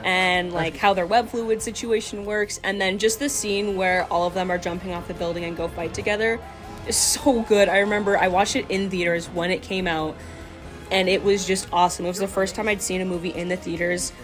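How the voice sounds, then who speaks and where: A woman's voice: lowish voice, fairly even intonation, fairly quick, faint music behind. A young adult woman vlogging a casual movie ranking, enthusiastic and gushing, full of "like". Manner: enthusiastic, gushing, filler-heavy.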